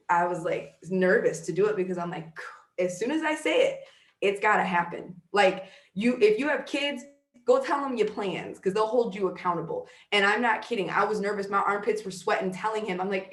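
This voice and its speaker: A woman's voice: mid-range voice, echoey room. A woman in her thirties giving a fired-up motivational talk as a guest leader, casual and emphatic, full of "like". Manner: emphatic, conversational, fillers like "like". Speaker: guest network-marketing leader.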